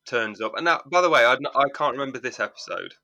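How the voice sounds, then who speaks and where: A man's voice: medium pitch, animated, quick pace, bright, forceful tone, lo-fi sound. A man, co-hosting a podcast, recapping an episode in rambling, amused casual chat. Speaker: podcast co-host.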